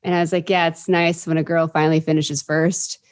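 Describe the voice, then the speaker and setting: Quirky woman telling stories, low voice. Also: level tone, a little fast, clean tone. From Indianapolis, US. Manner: quirky, bubbly storytelling. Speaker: podcast guest. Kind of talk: casual interview chat.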